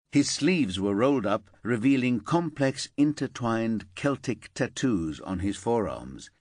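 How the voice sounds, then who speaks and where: A man narrating a crime audiobook with a husky, fairly low voice. His reading rises and falls with plenty of movement. The recording is dry and close. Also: no room sound. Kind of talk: scripted narration.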